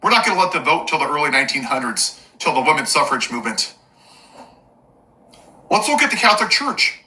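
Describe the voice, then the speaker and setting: A man's voice: on the high side, very animated, brisk, pushed and bright, rough recording. Sarcastic, fired-up male commentator. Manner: sarcastic, mocking asides; angry, emphatic listing. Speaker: political commentator. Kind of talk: impassioned political rant to camera.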